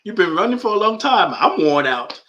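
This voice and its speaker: A man voicing his own bodily discomfort as a worn-out, nagging character with a high, exasperated voice. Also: very animated, moderate pace, sharp tone, muffled recording, full character voice. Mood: weary, nagging. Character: worn-out talking pain, chatty and weary.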